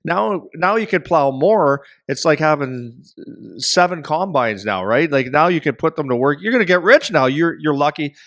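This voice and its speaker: Man voicing envious village neighbor, gushing, overexcited, raised pitch, dry sound. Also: animated, moderate pace, a bit bright, dry recording. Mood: excited envy.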